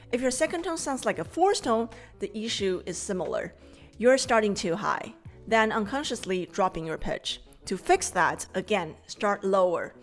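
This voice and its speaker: Mandarin-native female teacher, 30s, calm and clear for a tone lesson. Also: fairly high pitch. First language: Mandarin Chinese. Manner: clear, measured explanations with slow modeled drills. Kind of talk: scripted language lesson.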